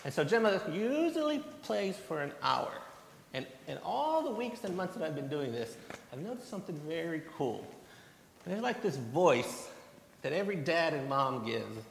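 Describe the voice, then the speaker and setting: A man's voice: a little high, big pitch swings, moderate pace, vocal fry. Man giving a children's sermon in a hall. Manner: storytelling, plain and gentle to children. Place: church sanctuary. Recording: echoey church hall, faint hum.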